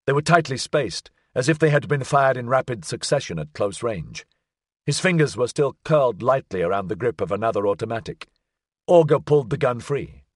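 Husky, expressive male audiobook narrator. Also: mid-range voice, normal speed, no echo, studio quality. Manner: expressive, suspenseful reading. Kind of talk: scripted narration.

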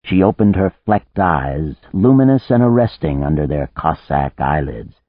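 A man narrating a science fiction audiobook in a steady storytelling manner. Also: very deep voice, a little slow, dry recording. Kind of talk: scripted narration. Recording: narrow phone-like band, dry.

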